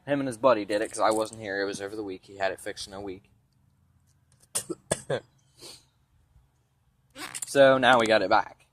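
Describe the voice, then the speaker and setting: A young man tells a long, meandering story about his truck, swearing freely and speaking bluntly. His voice sounds stuffy from sinus trouble. He is recording himself outdoors beside parked trucks with a phone camera. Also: medium pitch. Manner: rambling, profane, blunt. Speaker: vlogger giving a vehicle tour. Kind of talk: casual storytelling.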